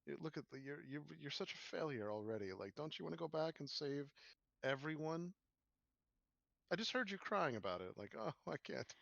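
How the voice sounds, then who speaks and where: A man voicing a smug, menacing male villain who mocks and threatens in a slow, contemptuous way, on a dull lo-fi recording. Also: a little high, very animated, vocal fry, a bit bright, no echo, heavily acted. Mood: taunting.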